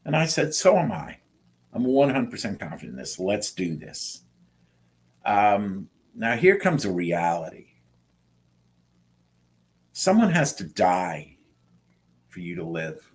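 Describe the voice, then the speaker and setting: A middle-aged man telling his story in an interview, animating the quoted dialogue with lively jumps in his voice. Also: lowish voice, takes it slowly, long pauses. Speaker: guest sharing transplant story.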